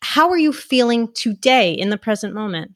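A woman's voice: fairly high pitch, lively intonation, normal speed, fairly bright tone, no echo. A woman from New Jersey with a New Jersey accent, hosting a podcast interview in an upbeat, chatty way. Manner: upbeat, chatty, reads definitions aloud. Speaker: podcast host.

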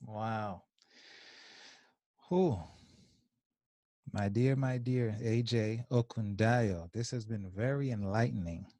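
Slow, measured man co-host. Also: on the low side, warm tone, no room sound. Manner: measured and reflective. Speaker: podcast co-host. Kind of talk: conversational interview.

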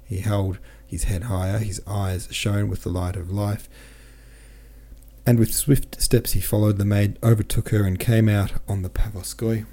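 A man narrating an audiobook in a steady, measured way. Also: lowish voice. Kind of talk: audiobook reading.

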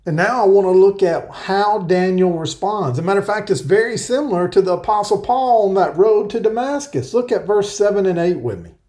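A man preaching an earnest verse-by-verse sermon, explaining scripture and reading passages aloud slowly. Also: sits high, animated, darkish tone. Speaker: pastor. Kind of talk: Bible-teaching sermon.

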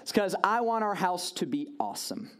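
A man's voice: high voice, very animated, normal speed, a bit bright, clear, resonant tone. Chatty man telling a sermon story. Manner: casual, chatty, full of "like" and "right?" asides.

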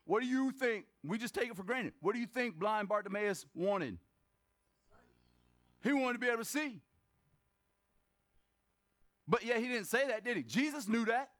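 A man with a very high voice preaches a lively sermon to his church. He keeps asking the congregation questions, slips in joking asides, and now and then bursts into a shout to drive his point home. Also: normal speed, long pauses. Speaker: pastor. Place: church service.

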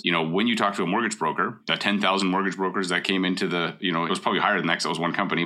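Middle-aged man, very deep and bright-toned, casual advice talk, emphatic and direct. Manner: blunt, emphatic, repeats key points. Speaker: mortgage broker.

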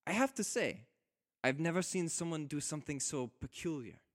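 A man's voice: on the high side, lively intonation, moderate pace, pitched above the performer's own voice, natural voice. A man voicing a spirited young woman warrior who teases her husband and pleads with him in tears. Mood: playful teasing. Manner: teasing, then tearful and earnest.

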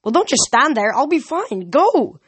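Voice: medium pitch, normal speed, lightly acted. A reader voicing a tough, defiant girl warrior.

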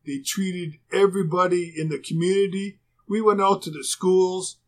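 A man's voice: sits high, fairly even intonation, normal speed. A man, a former pro hockey player, telling a casual rambling anecdote with fillers and restarts.

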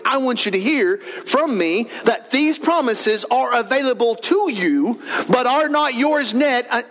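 A man pastor preaching a sermon in a church, earnest and emphatic, rising in bursts of excitement. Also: very high voice. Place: church sanctuary.

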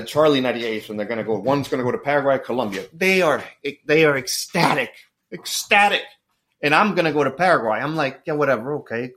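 A middle-aged man, a podcast guest, telling stories in an animated, joking way with apologetic asides. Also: mid-range voice. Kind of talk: casual storytelling chat.

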